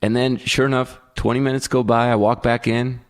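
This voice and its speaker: A man co-hosting a podcast, telling a story in a casual, animated way and acting out what people said. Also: medium pitch, a little fast. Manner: animated storyteller who acts out quotes. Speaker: podcast co-host. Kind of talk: casual chat.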